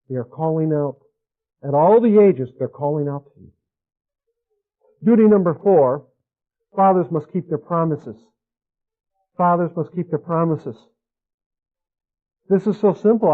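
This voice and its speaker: A man giving an earnest radio sermon to fathers, pressing his points and repeating key phrases. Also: high voice. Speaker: speaker teaching fathers. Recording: tinny phone-like radio audio.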